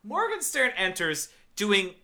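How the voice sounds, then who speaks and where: A podcast co-host in casual movie-review banter, sarcastic and exasperated. The voice is bright and forceful, with pitch that leaps around animatedly. The talk is loose, swearing, and full of mock quotes. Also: huge pitch swings, takes it slowly.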